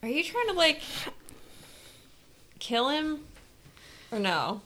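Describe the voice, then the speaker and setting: A woman's voice: high voice, very animated, slow, a bit bright, slight background noise, poor audio. A woman playing a tabletop game with friends, talking casually and asking unsure questions about the rules. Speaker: player.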